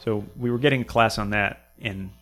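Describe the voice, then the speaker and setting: A man's voice: lowish voice, a little fast, fairly bright tone, faint music behind. A Canadian man telling long, rambling stories in casual chat, swearing often and repeating words while he searches for them.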